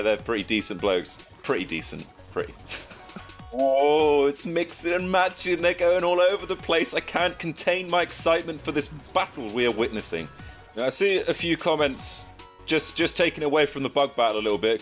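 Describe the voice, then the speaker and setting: Young english dude, chatty gaming commentary, jokey, yells when stuff happens, faint music behind. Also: male voice, medium pitch. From England. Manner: chatty, jokey, bursts into excited shouts. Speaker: gaming YouTuber. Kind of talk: excited gameplay commentary.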